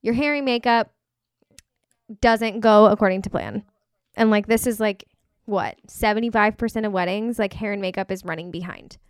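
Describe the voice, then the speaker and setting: A young woman co-hosting a casual chat, talking fast and emphatic, full of "like" fillers. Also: medium pitch, clear, resonant tone, no echo, studio quality. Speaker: podcast co-host, wedding vendor.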